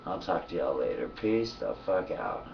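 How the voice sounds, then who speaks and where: A man's voice: sits low, sing-song, normal speed, vocal fry, recorded from a distance, dull audio, a little hiss or hum. A man talking to his camera in a loose, profane monologue, sleepy and yawning, laughing often between thoughts. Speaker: vlogger. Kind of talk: casual rambling monologue.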